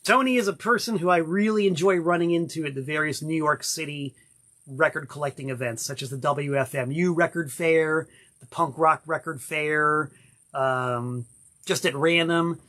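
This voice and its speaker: A Florida man hosts a relaxed unboxing vlog from his cabin at home, speaking at normal speed in a voice a little higher than most men's. He is chatty and enthusiastic and drifts into rambling asides.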